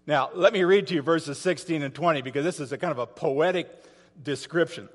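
A man's voice: a little high, fairly quick, big-room sound. A man preaching a sermon as pastor, telling a story dramatically and asking his listeners rhetorical questions.

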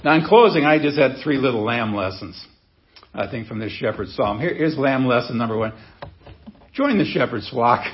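Conversational pastor preaching in a dull recording. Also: male voice, mid-range voice, animated, moderate pace, a little hiss or hum. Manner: conversational preaching with rhetorical questions and emphatic repetition. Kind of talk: sermon. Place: church sanctuary.

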